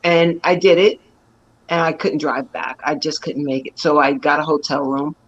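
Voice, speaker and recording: An actress and stunt performer telling stories with animated energy and frequent laughter during an interview. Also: female voice, deep voice, moderate pace, lo-fi sound. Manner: animated, laughs often, lively storytelling. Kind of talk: excited storytelling in an interview.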